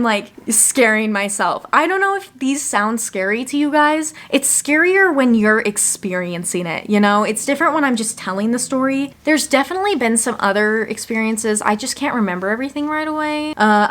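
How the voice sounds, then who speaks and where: A young woman vlogging from her one-room home, telling spooky stories in a chatty, animated way with lots of "like.". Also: fairly high pitch. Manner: chatty, animated, says "like" often. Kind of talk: casual storytelling to camera.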